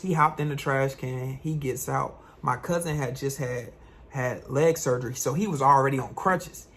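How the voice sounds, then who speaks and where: A young man, a vlogger, tells a personal story in an animated, slangy way. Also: medium pitch, moderate pace. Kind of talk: storytime vlog.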